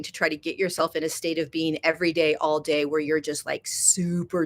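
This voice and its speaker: Casting note: woman, livestream host, lowish voice, chatty and warm-hearted with viewers, drifts between hushed and excited. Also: fairly quick, few pauses. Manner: chatty, greets viewers by name, swings from soft to excited. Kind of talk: casual spiritual livestream talk. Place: indoors in Kenya.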